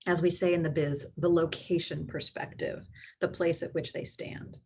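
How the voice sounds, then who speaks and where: A woman's voice: deep voice, level tone, moderate pace, a little mellow, breathy edge. A middle-aged woman, a clinical psychologist, giving an educational talk to parents and explaining her points step by step. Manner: explains step by step, acting out quoted voices for examples.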